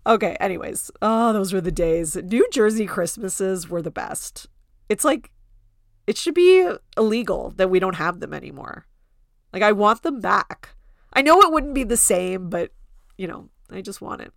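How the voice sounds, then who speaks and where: A woman's voice: medium pitch, animated, normal speed, gravelly, dry recording, studio quality. A woman hosting a podcast in a casual gossip style, chatty and full of "like" fillers, now and then mocking people in quoted voices. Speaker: podcast host.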